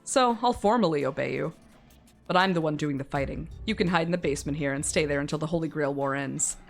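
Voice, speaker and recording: A woman's voice: low voice, fast talker, soft background music. A woman voicing an arrogant young male warrior servant who talks down sarcastically to his new master. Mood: condescending. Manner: condescending, sarcastic.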